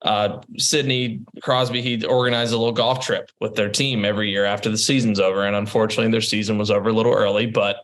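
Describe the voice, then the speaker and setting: A man's voice: on the low side, quick pace, few pauses. Laughing man telling a story. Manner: animated, laughing, repeats words while telling stories. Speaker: interview guest. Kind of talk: casual storytelling.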